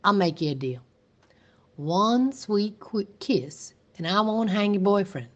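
A woman voicing a drunk, leering male small-town sheriff who talks in a slow drawl. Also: medium pitch, animated, muffled recording.

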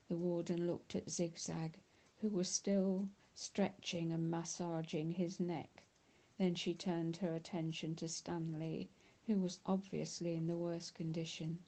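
A woman narrating an audiobook in a steady, even storytelling manner. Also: on the low side, unhurried, creaky, poor audio.

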